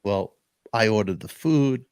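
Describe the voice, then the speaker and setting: A podcast host tells a story in a very lively, swooping voice. He breaks into the voices of the people he quotes. The sound is dry and close. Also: fairly low pitch, a little slow, clean tone, no room sound. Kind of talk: casual storytelling chat.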